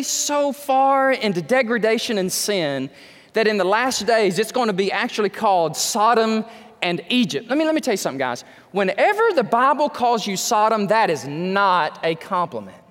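High-pitched preaching man in a reverberant sanctuary. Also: a bit bright. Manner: emphatic preaching with rhetorical questions. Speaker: pastor. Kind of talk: sermon. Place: church sanctuary.

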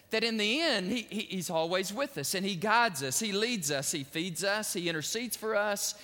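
A man's voice: high voice, sharp tone, long reverb tail. A man preaching a sermon as pastor, building into emphatic swells and repeated phrases.

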